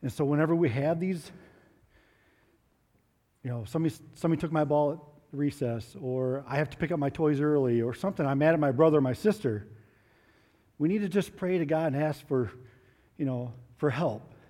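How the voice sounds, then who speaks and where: A man's voice: a little high, brisk, long pauses, big-room sound. Man leading a children's church talk. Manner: gentle, coaxing questions to children. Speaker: children's moment leader. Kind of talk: children's sermon with props.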